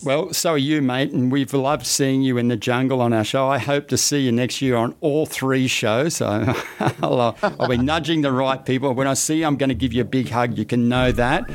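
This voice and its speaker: A man's voice: medium pitch, normal speed. A middle-aged Australian man hosting a podcast, telling a story in casual chat with many restarts and fillers. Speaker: podcast host.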